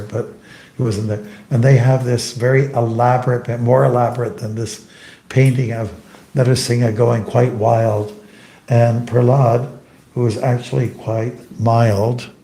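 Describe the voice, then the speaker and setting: A monk giving an informal scripture class in a temple hall, telling anecdotes, joking and quizzing the audience. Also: male voice, mid-range voice, a little mellow. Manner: chatty and joking, asks the audience questions.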